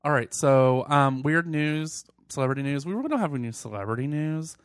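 A man's voice: a little high, animated, brisk, clear, resonant tone, dry recording, studio quality. A man hosting a casual podcast, laid-back and joking with crude humor. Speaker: podcast host. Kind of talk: casual chat.

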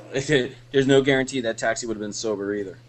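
A man in casual podcast chat, swearing freely as he tells animated stories. His voice sits at an ordinary pitch. He talks loosely and keeps it profane. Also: normal speed, a little hiss or hum. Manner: profane, animated storytelling with laughs. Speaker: podcast co-host.

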